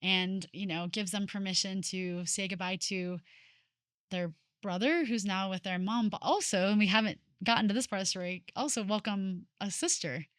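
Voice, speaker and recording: A woman's voice: mid-range voice, normal speed, dry recording, studio quality. A woman hosting a podcast, talking in an emotional, heartfelt way and laughing through near tears. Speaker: podcast host. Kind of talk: casual heartfelt conversation.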